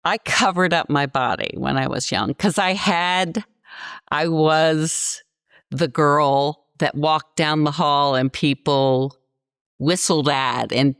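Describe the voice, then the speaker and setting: A woman in her sixties with a low voice talks in a podcast interview. She tells her stories bluntly and with passion. The sound is dry and close, with no room around it. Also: slow pace, clear, resonant tone, dry recording. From Virginia, US. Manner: passionate, blunt, animated storytelling. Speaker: guest.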